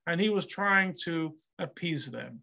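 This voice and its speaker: Slow, bright-voiced male rabbi. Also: on the high side, lively intonation, vocal fry. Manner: reads the Hebrew aloud, then translates and explains. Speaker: rabbi teaching a class. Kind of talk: text study lesson.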